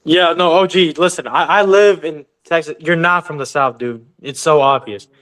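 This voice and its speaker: A man bantering excitedly as a sports fan in casual chat, boasting about his team. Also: a little high, moderate pace. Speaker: podcast co-host.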